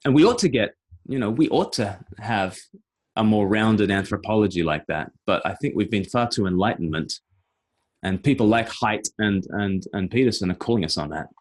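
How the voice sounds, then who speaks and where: A man who works as a pastor and evangelist, talking through ideas in a rambling, animated way and laughing often in a casual conversation. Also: on the low side, moderate pace. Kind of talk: casual video-call conversation.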